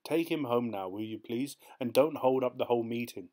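A man's voice: medium pitch, moderate pace, lightly acted. A man doing a curt, cocky race organiser. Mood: brusque. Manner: curt, dismissive, sharp and loud. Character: brisk cocky small male dog-race organiser. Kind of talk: audiobook character voice.

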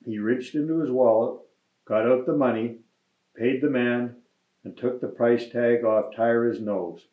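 A man reading a children's picture book aloud to students in a deliberate storytelling manner. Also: mid-range voice, steady tone. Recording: roomy, slightly dull recording.

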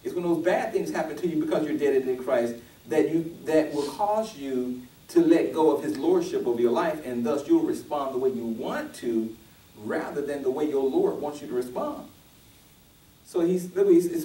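A man's voice: a little high, mellow, echoey room, recorded from a distance, low-quality recording. A male pastor preaching a sermon, restarting often and building to emphatic, rising peaks.

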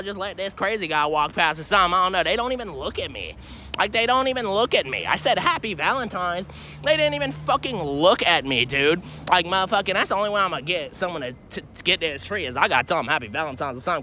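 A young man livestreaming while walking a city street, rambling, swearing constantly, and pitching strangers. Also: sharp tone, slight background noise. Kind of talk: live street streaming.

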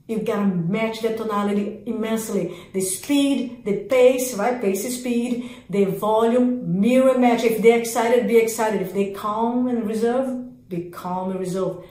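A woman coaching real estate agents in an energetic sales training talk, speaking in emphatic, repetitive lists of commands. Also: medium pitch, echoey room, low-quality recording.

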